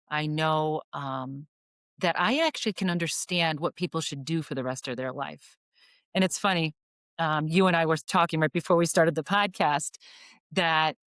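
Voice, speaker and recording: Low-voiced woman, earnest and reflective. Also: a bit bright, dry recording, clean studio sound. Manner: earnest, thoughtful, many ums. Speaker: podcast guest. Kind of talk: reflective spiritual conversation.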